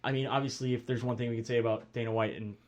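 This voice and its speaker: A man's voice: medium pitch, fairly even intonation, racing. A man hosting a casual podcast, telling stories with frequent laughs and steering the talk between topics. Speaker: podcast host. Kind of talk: casual chat.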